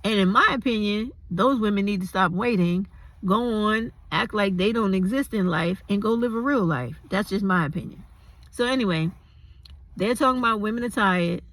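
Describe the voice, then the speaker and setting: An older woman speaking straight to camera in a bright, forceful voice, recorded dry and close. She talks bluntly and swears freely, wandering off on tangents before pulling back to her point. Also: medium pitch, normal speed, no echo. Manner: blunt, profane and rambling, with digressions. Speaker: vlogger. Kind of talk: casual commentary to camera.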